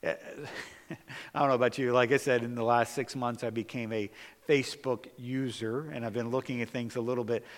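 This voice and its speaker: A male pastor delivers a sermon, leaning on emphatic rises and drawn-out, stressed phrases. His medium-pitched voice carries a long reverb from a large church hall. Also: steady tone. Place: church sanctuary.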